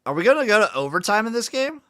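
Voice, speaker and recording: Male co-host, slightly higher voice, wry teasing banter, dry close mic. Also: big pitch swings, quick pace, a bit bright, no room sound. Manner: wry, teasing, laughs easily. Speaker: livestream co-host. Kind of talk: casual sports-watching banter.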